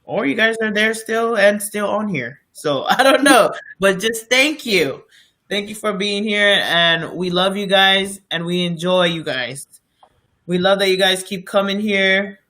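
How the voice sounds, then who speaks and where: A man's voice: sits high, a little slow, bright, forceful tone. A man co-hosting a podcast, telling stories in a rambling, casual way with many fillers and restarts. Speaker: podcast co-host. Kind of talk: casual storytelling chat.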